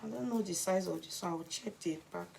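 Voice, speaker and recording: A woman's voice: lowish voice, fast, vocal fry, noisy background. A woman with a Nigerian accent chatting casually to her viewers as a clothes-selling vlogger, giving emphatic, preachy encouragement and often dropping to a whisper. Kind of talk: casual live chat to viewers.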